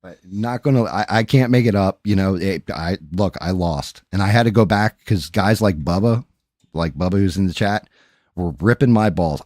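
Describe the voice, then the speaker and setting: Livestream host, male, very low voice, dry close sound, profane animated storyteller with sound effects. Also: normal speed, no room sound. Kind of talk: casual storytelling chat.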